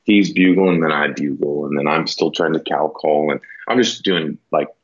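A man's voice: very deep voice, normal speed, breathy edge. A man telling a hunting story in a casual, rambling way, filling his talk with "you know" and "like". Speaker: podcast guest, elk hunter. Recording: dull lo-fi sound.

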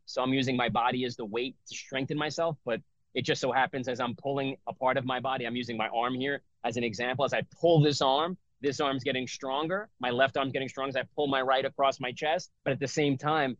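A man's voice: mid-range voice, fairly bright tone, dry recording. A middle-aged man, a breathwork and yoga teacher, talking loosely in a casual interview, full of fillers and restarts. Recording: slightly dull, dry audio.

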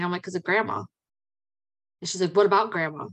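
A woman in her thirties, hosting a podcast, telling personal stories in a chatty, animated way with frequent exclamations. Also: fairly low pitch, fairly quick, dull audio. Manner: chatty and animated, with many fillers and excited exclamations. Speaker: podcast host. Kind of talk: personal storytelling.

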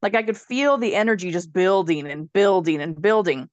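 Candid, animated woman telling her story. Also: fairly low pitch, moderate pace, no echo, muffled recording. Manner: animated and candid, laughs often, swears freely. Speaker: podcast guest, healer. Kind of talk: casual storytelling in a conversation.

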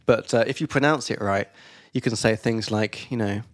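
A man's voice: on the low side, moderate pace, dry recording, clean studio sound. A man co-hosting a casual podcast, chatting loosely, laughing often and trailing off mid-thought. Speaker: podcast co-host. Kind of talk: casual chat.

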